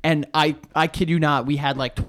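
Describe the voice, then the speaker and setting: A young man co-hosting a casual chat, telling animated stories and acting out what people said. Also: a little high, moderate pace. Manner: animated storytelling, swearing freely, acts out quotes. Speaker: podcast co-host.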